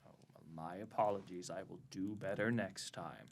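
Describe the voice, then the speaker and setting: A man's voice: low-pitched, moderate pace, gravelly. A young man playing a tabletop game, eager and joking with the table. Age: young adult. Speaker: player. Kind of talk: casual tabletop game play.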